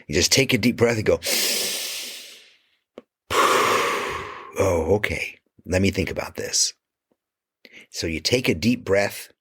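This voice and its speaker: Husky-voiced man giving lively pep talk. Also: dry recording, clean studio sound. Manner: emphatic, casual swearing; animated, drops to low quiet asides. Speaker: creative coach. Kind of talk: motivational monologue to camera.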